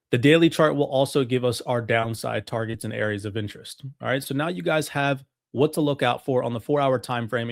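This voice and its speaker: A man walking through trading charts as a market analyst, talking confidently and technically in a brisk, steady delivery. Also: medium pitch, dry recording, studio quality.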